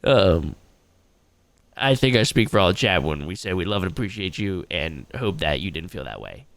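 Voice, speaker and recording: A man's voice: low-pitched, very animated, moderate pace, gravelly, a bit bright, dry recording. A man streaming a casual reaction, crude and joking, talking to his chat.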